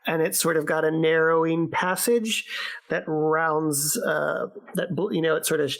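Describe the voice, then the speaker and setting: Slow creaky-voiced woman running the game. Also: low-pitched, fairly even intonation. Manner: hesitant, filler-heavy descriptive narration. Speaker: dungeon master. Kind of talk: narrating a tabletop game. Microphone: remote call.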